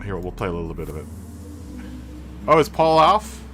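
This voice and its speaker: A man's voice: deep voice, very animated, normal speed. A man chatting casually on a live stream of a racing game, laughing often between remarks. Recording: game music playing under the voice.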